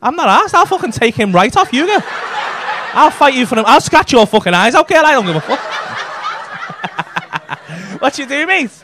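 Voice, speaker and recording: A man's voice: very high voice, very animated, normal speed, pauses often, background noise. A man doing crude, teasing crowd work as a stand-up comedian on a comedy club stage. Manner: brash, crude, teasing banter with constant swearing.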